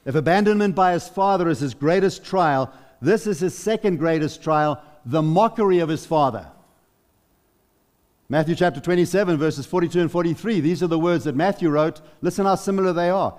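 A middle-aged man preaching a sermon as a pastor, calling his listeners friends and swinging from loud exclamations to hushed, near-whispered lines. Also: fairly high pitch, fairly quick, long reverb tail. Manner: addresses the congregation as friends. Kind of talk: expository sermon.

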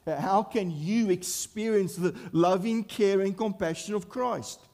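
A man's voice: high voice, measured pace, darkish tone. A man preaching a sermon in an earnest, emphatic way, with rhetorical questions and repeated phrases.

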